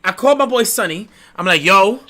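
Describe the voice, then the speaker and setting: A male host tells a story to his stream in a loose, profane, animated way. His voice swoops up and down a lot and sits a little high for a man. It has a bright, forceful edge. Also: moderate pace. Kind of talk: casual storytelling chat.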